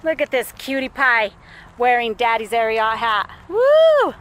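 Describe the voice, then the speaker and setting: A woman's voice: a little high, fairly even intonation, moderate pace, bright, forceful tone, smooth, low-quality recording. A young woman vlogging a family walk on an outdoor trail, chatty and laughing, a bit out of breath. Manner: chatty, laughing often, cooing at her toddler. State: out of breath from walking. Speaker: vlogger mom. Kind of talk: casual family vlog narration.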